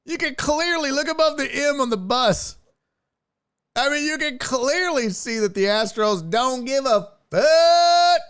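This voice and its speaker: A man's voice: very high voice, unhurried. A man hosting a sports stream, reacting to clips in casual, profane commentary, laughing often and mocking fans. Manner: excitable, laughs often, swears a lot, mocking impressions.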